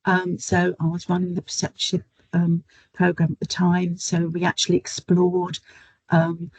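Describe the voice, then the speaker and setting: A woman's voice: fairly low pitch, monotone, unhurried, a little mellow, husky, no echo, rough recording. A middle-aged woman, talking through a webinar as a nurse educator in a chatty, storytelling way with frequent ums, over a video call. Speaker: guest speaker, nurse educator. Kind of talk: webinar talk with anecdotes.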